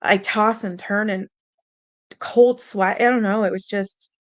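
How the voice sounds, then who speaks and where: Speaking at a measured pace with fairly even intonation, a young woman with a medium-pitched voice hosts a stream, recorded dry. She relates a personal ghost experience in a casual, wandering way, using lots of fillers and some mild swearing, genuinely spooked.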